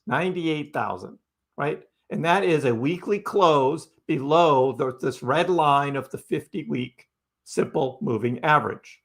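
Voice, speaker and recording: Chatty crypto livestream host, high-ish voice. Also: male voice, unhurried. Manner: chatty, repeats phrases, peppers with "right?"; talks back to chat commenters. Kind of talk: casual livestream commentary.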